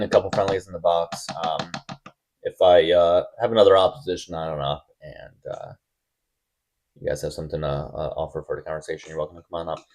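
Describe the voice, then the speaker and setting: A man hosting a live stream debate, blunt and testy, quick to cut callers off. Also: low voice, a little mellow.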